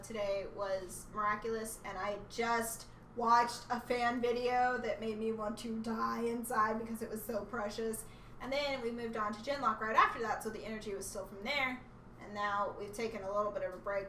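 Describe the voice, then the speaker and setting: A woman's voice: on the high side, sharp tone. A young woman co-hosting a casual fan podcast, bubbly and rambling, often laughing. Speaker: podcast co-host. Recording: echoey room, mic far off, noisy.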